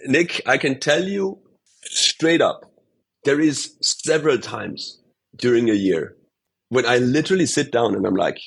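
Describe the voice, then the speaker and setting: A man from Austria with a husky voice, a native German speaker, sits in a podcast interview. His pitch sits in the middle of the range. He tells his story in a casual, animated way, swearing freely and calling the listener "dude.". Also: a little slow. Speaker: podcast guest.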